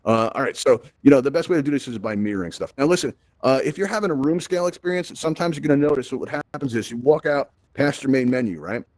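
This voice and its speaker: A man's voice: mid-range voice, lively intonation, fast, few pauses, a little mellow, dry recording. A man hosting a live virtual reality event, teaching his audience in an upbeat, chatty way and often checking in with "right?". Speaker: host.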